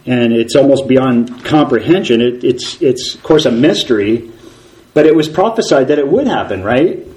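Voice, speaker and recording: Guy preaching, earnest, lots of rhetorical questions, some ums and restarts, mid-pitched voice. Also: expressive, normal speed, darkish tone, poor audio. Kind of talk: sermon.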